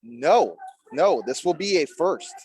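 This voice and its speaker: Upbeat male co-host from Minnesota, slightly high voice, dry close recording. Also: animated, takes it slowly, darkish tone, slightly rough, dry recording. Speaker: podcast co-host. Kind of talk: casual chat. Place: airport.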